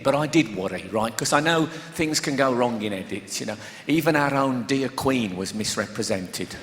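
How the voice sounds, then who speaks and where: Animated comedian in an echoey hall. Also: male voice, mid-range voice, moderate pace, few pauses, a little hiss or hum. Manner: chatty, animated, laughing at his own stories. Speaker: stand-up comedian. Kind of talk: live stand-up storytelling. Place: large theatre with a live audience. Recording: echoey live hall recording with audience.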